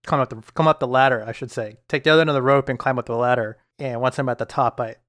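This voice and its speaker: A man playing a tabletop game, calmly explaining his character's actions step by step. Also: medium pitch, fast talker. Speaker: player. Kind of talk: casual tabletop play.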